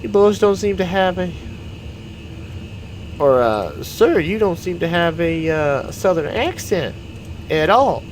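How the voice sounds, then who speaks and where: An inquisitive small-town woman from Oklahoma, as a man puts her on, speaking high above his usual register. She drags her questions out slowly and hesitantly. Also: big pitch swings, slight background noise, full character voice. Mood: curious.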